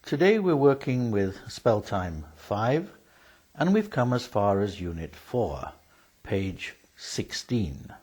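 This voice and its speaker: Slow, husky-voiced male teacher. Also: lowish voice, very animated, a little mellow, poor audio. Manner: slow, careful, spells words letter by letter. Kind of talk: spelling lesson.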